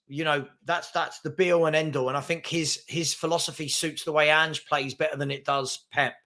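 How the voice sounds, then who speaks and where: A man hosts a live football stream in a casual, chatty way. His voice sits a bit higher than most men's. He trips over words with fillers and stammered restarts, and he snaps back sharply at rude commenters. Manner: chatty and animated, quick to call out rude commenters. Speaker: host of a daily football chat stream.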